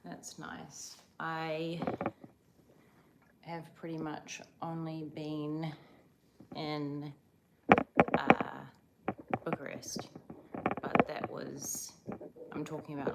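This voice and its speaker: Low, gravelly-voiced woman chatting slowly. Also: completely flat delivery, very noisy. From Croatia. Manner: chatty, rambling, oversharing. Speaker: livestream host. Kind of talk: casual live chat.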